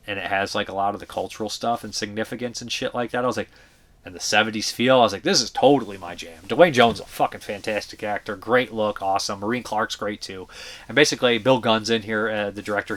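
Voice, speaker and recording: Low-voiced man rambling through movie reviews. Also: steady tone, fast talker, a bit bright. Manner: rambling, profane, many fillers and restarts; blunt opinionated talk. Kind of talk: casual review vlog.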